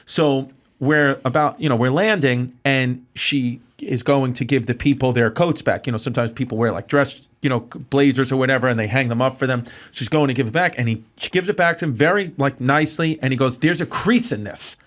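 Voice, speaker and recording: A man's voice: mid-range voice, a little fast. A male comedian guest telling a story animatedly in a studio, full of restarts. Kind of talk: casual storytelling.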